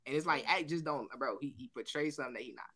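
A man's voice: medium pitch, quick pace, breathy edge. A man co-hosting a casual podcast, telling a story with acted-out quotes and frequent laughter. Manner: animated storytelling, acts out quotes, laughs often. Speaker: podcast co-host.

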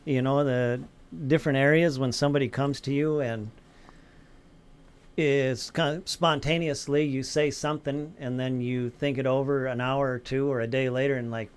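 Calm, advice-giving man. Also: medium pitch, moderate pace, smooth. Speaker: guest mentor. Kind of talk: casual round-table talk.

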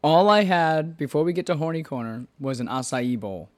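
A man with a fairly high voice tells a rambling story on a casual podcast. He is animated and laughs often. He swears freely as he goes. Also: normal speed. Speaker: podcast host.

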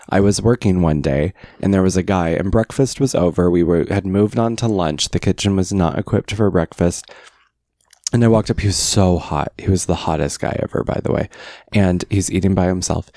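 A man, co-hosting a podcast and telling stories with animated, campy acted-out quotes. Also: deep voice, moderate pace, vocal fry, no echo, clean studio sound. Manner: animated, campy storyteller who acts out quotes. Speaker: podcast co-host. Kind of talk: casual storytelling chat.

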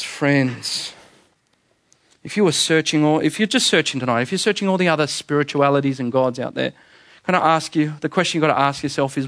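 A man's voice: mid-range voice, moderate pace. A young adult man preaching a sermon as a pastor, earnest and emphatic, repeating phrases and pushing his voice up to make a point.

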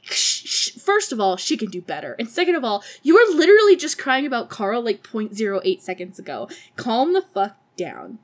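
Young woman, podcast host, sarcastic, swears a lot, fairly high voice. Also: sing-song, normal speed, few pauses. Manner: sarcastic, profane, laughing asides. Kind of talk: casual movie recap.

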